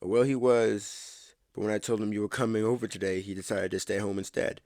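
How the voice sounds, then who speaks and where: A man's voice: on the low side, level tone, brisk, darkish tone, no echo, clean studio sound, natural voice. A man voicing a middle-aged mother who explains things in an offhand, matter-of-fact way.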